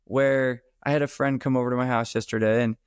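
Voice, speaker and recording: A man being interviewed on a podcast about his sales book, talking in an emphatic, animated, casual way. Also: mid-range voice, brisk, smooth, no echo. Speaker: author and sales trainer, guest.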